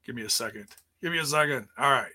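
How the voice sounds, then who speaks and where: Playful, bright-voiced podcast host man. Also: mid-range voice, fast. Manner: playful, rambling, with many restarts. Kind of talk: casual livestream chat. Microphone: streaming setup.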